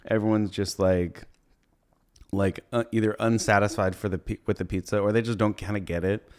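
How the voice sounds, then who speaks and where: A young man hosting a comedy podcast, recapping a movie in a rambling, profane way, laughing as he goes and slipping into quick character voices. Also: on the low side, fairly even intonation, a little mellow. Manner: rambling, profane, laughs while retelling scenes and puts on brief character voices.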